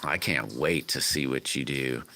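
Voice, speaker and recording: A man's voice: extremely low pitch, unhurried, vocal fry, bright, forceful tone, a little hiss or hum. A man hosting a casual livestream, chatting with viewers in a folksy, rambling way from his home workshop. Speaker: livestream host. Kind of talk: casual live-stream chat, answering comments.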